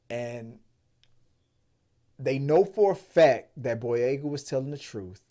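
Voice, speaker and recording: A man hosting a casual movie podcast, talking in a rambling, profane and animated way. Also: mid-range voice. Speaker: podcast host. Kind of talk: casual chat.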